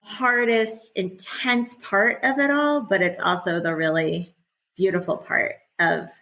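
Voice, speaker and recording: A woman's voice: mid-range voice, fairly even intonation, measured pace, pushed and bright. Chatty, candid middle-aged woman. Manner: chatty and candid, laughs often while talking. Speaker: podcast guest. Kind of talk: casual conversational interview.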